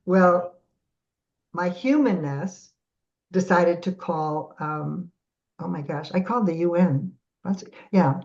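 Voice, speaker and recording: A middle-aged woman guest on a podcast, telling stories in a lively way and acting out the voices of the people in them. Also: on the low side, slow. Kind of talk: animated storytelling in a podcast interview. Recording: dull lo-fi audio.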